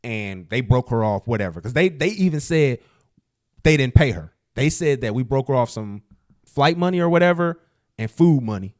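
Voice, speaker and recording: Male podcast host, slangy storyteller with animated pitch. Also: moderate pace. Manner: storytelling, laughs often, slangy. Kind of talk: casual gossip chat.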